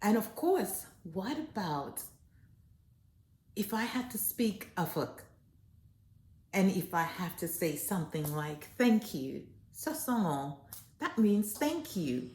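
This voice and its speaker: A woman travel vlogger speaks in a relaxed, unhurried way, her pitch moving up and down with animation. She chats casually, tossing in a "you know" between phrases. The recording is roomy and echoey, with faint background noise. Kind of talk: casual talk to camera.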